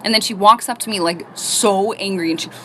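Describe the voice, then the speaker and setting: A middle-aged woman telling funny stories about her life in a casual, animated way, laughing as she goes. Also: medium pitch, fairly quick, slight background noise. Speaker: storyteller. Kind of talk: casual storytime.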